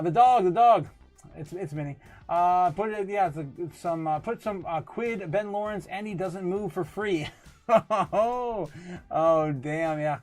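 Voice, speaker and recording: A man hosting a crypto livestream, casually reading out viewer comments with lots of laughter and filler words. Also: high voice. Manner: laughs often, hesitant with many fillers.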